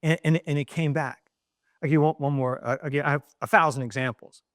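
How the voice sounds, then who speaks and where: A middle-aged man from East Baltimore, a journalist telling an animated anecdote in an interview, with frequent restarts. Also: fairly high pitch, fast, dry recording, clean studio sound. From East Baltimore, USA.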